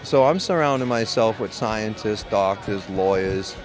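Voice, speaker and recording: A man's voice: lowish voice, measured pace, over music. Blunt, profane middle-aged man telling his story. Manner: blunt, profane, rambling with restarts. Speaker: medical cannabis patient and grower. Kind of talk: candid interview storytelling.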